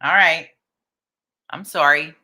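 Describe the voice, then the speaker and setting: A middle-aged woman hosts a casual live stream in a bright, forceful voice that sits a little low. She talks candidly, swears without holding back and greets viewers one by one. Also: slow. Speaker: livestream host.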